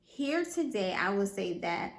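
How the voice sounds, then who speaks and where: A woman's voice: medium pitch, very animated, unhurried, echoey room. A woman hosting a solo podcast, talking earnestly and with emphasis, repeating phrases and often checking that the listener understands. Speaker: podcast host. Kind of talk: motivational solo podcast talk.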